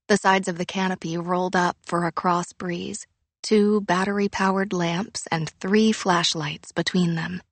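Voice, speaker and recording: Woman reading a novel, unhurried and measured, dead dry close mic. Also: fairly low pitch, dry recording. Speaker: audiobook narrator. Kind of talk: scripted narration.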